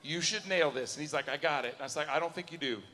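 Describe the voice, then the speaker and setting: Stand-up comic, man, bright, slightly high voice, live in a reverberant hall. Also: quick pace. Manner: animated storytelling, acting out both sides of conversations. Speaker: stand-up comedian. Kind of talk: stand-up comedy set. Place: university auditorium before a live audience.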